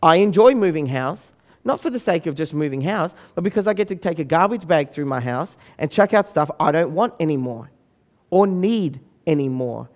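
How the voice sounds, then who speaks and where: A man in his forties with a notably high voice tells a funny family story. He is animated and acts out the voices of the people in his tale. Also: normal speed. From Australia. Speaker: speaker. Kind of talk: humorous storytelling talk.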